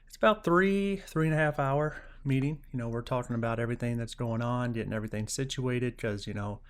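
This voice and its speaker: Young male podcast host, mid-pitch voice, casual rambling monologue, swears freely. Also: fairly quick. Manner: profane, animated retelling with acted-out quotes.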